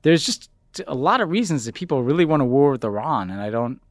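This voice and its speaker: A man co-hosting a political podcast in casual chat, rambling, saying "like" a lot and trailing off quieter at the ends of his thoughts. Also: mid-range voice, big pitch swings, fast talker, no echo. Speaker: podcast co-host.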